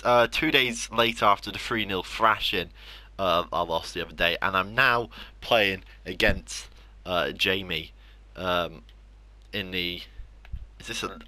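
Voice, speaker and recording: Low-pitched yet bright and forceful, the voice of this young English gaming YouTuber comes across with no room sound. He narrates his football video game matches live, complaining bitterly about defeats and making fun of himself.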